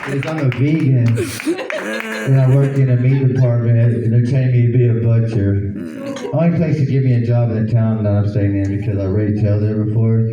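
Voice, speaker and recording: A man's voice: mid-range voice, steady tone, brisk, muffled recording. A man with an Oklahoma accent doing a stand-up comedy set, telling loose stories and slipping into voices. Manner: loose storytelling with voices and laughs. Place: comedy club stage. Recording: echoey club recording from far off. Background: crowd laughter.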